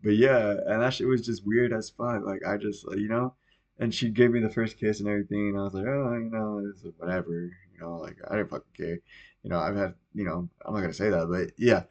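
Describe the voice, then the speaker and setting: A man's voice: lowish voice, steady tone, quick pace, dull audio. A young man hosting a podcast, telling a story in a rambling, profane, casual way with plenty of fillers. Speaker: podcast host.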